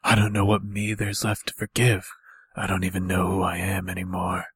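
A man's voice: deep voice, completely flat delivery, normal speed, fairly bright tone, breathy edge, no echo. A man voicing a guilt-ridden young man who speaks in a mournful, subdued way. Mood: remorseful.

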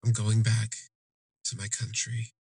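A man as a desperate young man begging urgently; husky, dry and close. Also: lowish voice, monotone, measured pace, a little mellow, no echo, heavily acted. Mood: pleading. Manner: urgent, pleading.

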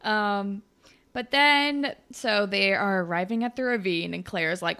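A young woman co-hosting a podcast, retelling scenes from a show and acting out the characters in high voices. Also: a little slow, vocal fry, pushed and bright, clean tone. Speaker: podcast co-host. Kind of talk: casual chat recapping a TV show.

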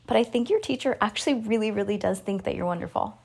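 A woman's voice: medium pitch, expressive, fast, vocal fry, darkish tone, slightly rough. A woman in her thirties, a mother hosting a podcast, chatting with her child and reading a children's book aloud in a giggly, talkative way.

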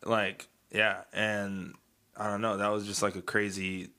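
Co-host: laid-back male, lowish bright voice, rambling. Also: completely flat delivery, a little slow. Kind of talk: casual movie chat.

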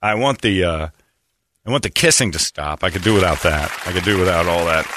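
A man's voice: low voice, a little fast, crowd noise, noisy background. A man hosting a comedic podcast chat, rambling and sarcastic. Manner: rambling, sarcastic, animated, slips into mock voices.

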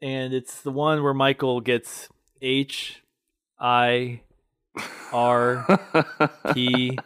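A man's voice: medium pitch, very slow, clean tone, dry recording, clean studio sound. A young man in casual podcast chat, retelling favorite TV moments with frequent laughter. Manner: giggly, animated storytelling with frequent laughter.

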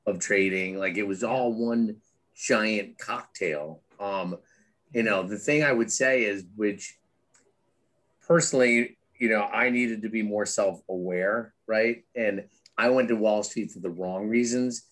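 A man's voice: lowish voice, a little slow, fairly bright tone. A middle-aged man, a guest speaking candidly in an interview, with many restarts and fillers as he tells stories animatedly. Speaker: guest, author and former Wall Street trader.

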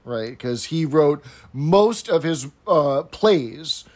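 Man patiently explaining with a lifted pitch. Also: animated, very slow, darkish tone. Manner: explains patiently, laughs easily. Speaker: podcast co-host. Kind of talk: casual chat.

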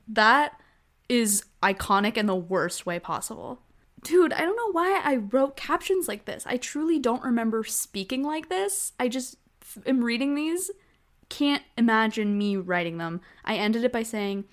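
A woman's voice: fairly high pitch, expressive, normal speed. Giggly young woman vlogger, close mic. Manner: giggly, self-mocking, breaks into laughter. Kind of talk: casual reaction vlog.

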